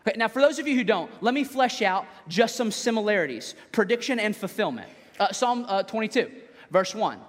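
A man, preaching a sermon in a casual, animated way and dropping his voice for dramatic scripture readings. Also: sits high, fairly quick. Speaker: pastor. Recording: echoey hall.

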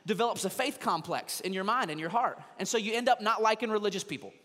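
Speaking from the stage of a church sanctuary, with the service also going out online, a pastor preaches conversationally and slips into quoted churchgoers' voices. His voice is high, expressive and a bit bright, at a quick pace, with a long reverb tail.

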